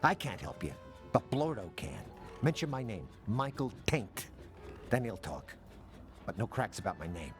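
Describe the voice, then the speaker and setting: An actor voicing a jumpy, secretive alien informant in a comedy game, speaking in a hushed, nervous, conspiratorial way. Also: male voice, on the low side, big pitch swings, normal speed. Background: faint game music.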